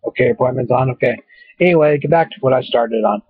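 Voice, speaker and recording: At home on his webcam, a man rambles through a casual vlog monologue packed with fillers and asides, talking fast in a husky, mid-range voice. The webcam mic gives tinny, phone-like, dry audio with no echo.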